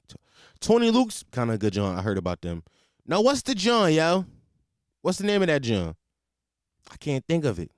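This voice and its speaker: High, animated Philly man ranting. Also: moderate pace, long pauses, no room sound, clean studio sound. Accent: Philadelphia. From Philadelphia, USA. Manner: animated, swings between shouting and muttering, repeats himself. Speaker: comedic ranter. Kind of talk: profane comedic rant to camera.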